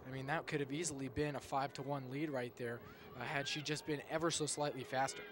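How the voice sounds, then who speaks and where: A young man adds color commentary at a school soccer game, pausing and restarting often as he talks. His voice is caught outdoors, with clear background noise from the field around him. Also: medium pitch, steady tone. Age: young adult. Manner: hesitant, many uhs and restarts. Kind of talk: live sports commentary.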